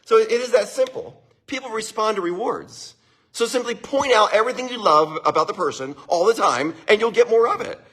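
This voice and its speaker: Animated husky-voiced man giving advice. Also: sits high, a little fast. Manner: animated, frequent chuckles, keeps checking in with listeners. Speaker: livestream host giving marriage advice. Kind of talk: casual advice talk to a live audience.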